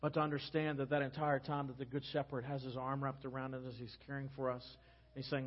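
A pastor preaching a sermon, telling it as a gentle story and dropping soft and low on key phrases. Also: male voice, level tone, quick pace, lo-fi sound. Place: church sanctuary.

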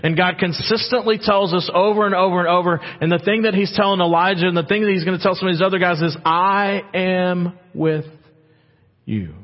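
A man's voice: sits high, steady tone, fast talker, few pauses. A man preaching a dramatic sermon as a pastor, acting out God's words in quoted lines. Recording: muffled with long hall reverb.

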